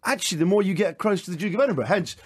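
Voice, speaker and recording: A man hosting a comic sports radio show, quick and jokey, with a taste for silly voices. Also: high-pitched, slightly rough.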